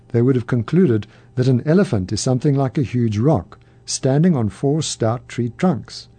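A man hosting a program, reading a story aloud at a measured pace with a gentle humor. His voice is very dark, mellow and warm. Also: medium pitch, husky, no echo. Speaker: radio program host.

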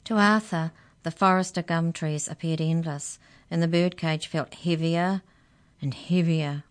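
A woman narrating a children's story aloud in an expressive, gently dramatic way. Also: sits low, unhurried, clear, resonant tone.

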